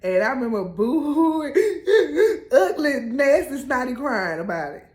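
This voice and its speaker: Animated woman telling a story. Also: sits high, unhurried, echoey room. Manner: animated, laughing, acts out quotes. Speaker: co-host telling their couple story. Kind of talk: casual storytelling.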